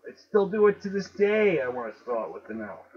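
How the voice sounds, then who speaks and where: A man with a Chicago accent talks casually to his viewers. He is emphatic, repeats words and spells out letters slowly. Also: a little high, very animated, a little hiss or hum. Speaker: video host. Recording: dull lo-fi recording.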